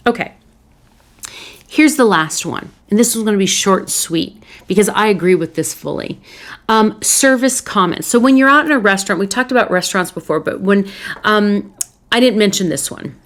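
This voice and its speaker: A woman's voice: medium pitch, lively intonation, normal speed. A woman psychologist hosting a solo advice talk, speaking earnestly and telling stories from her own life, with some restarts along the way. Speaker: psychologist host.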